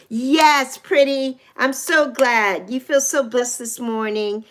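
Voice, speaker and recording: A woman's voice: sits high, takes it slowly, hardly any pauses. A woman in her sixties hosting a livestream, effusively greeting viewers by name and thanking them. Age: 60s. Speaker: livestream host. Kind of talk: casual livestream greetings to chat.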